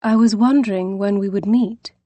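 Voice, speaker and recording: A woman's voice: medium pitch, fairly even intonation, moderate pace, warm tone, no room sound, lightly acted. A woman voicing a stern, composed noblewoman who speaks in a clipped, commanding way. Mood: softened.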